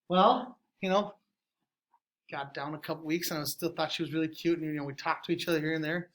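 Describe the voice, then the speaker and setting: A man teaching a class of high school freshmen, casual and talking straight to the students, tagging "okay?" onto almost every sentence, with sudden jumps in loudness. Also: quick pace. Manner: checks in with "okay?" after nearly every sentence. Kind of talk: classroom lecture.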